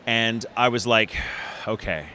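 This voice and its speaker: Middle-aged male voice actor from Texas, bright tone, animated and rambling, convention interview with faint background hum. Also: mid-range voice, moderate pace. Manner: animated, restarts often, laughs easily. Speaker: voice actor guest.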